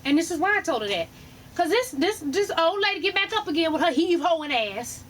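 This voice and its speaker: High bright-voiced woman telling a rant. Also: a little fast, a little hiss or hum. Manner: profane, animated, laughing storyteller. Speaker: vlogger. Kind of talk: casual storytime rant.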